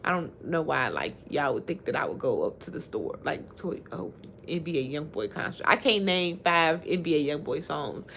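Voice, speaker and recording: A woman's voice: low-pitched, animated, moderate pace, creaky, fairly bright tone, a little hiss or hum. A woman in her thirties hosting a casual livestream, chatting and reacting to viewer comments, often laughing. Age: 30s. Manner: laughs often while talking. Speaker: livestream host.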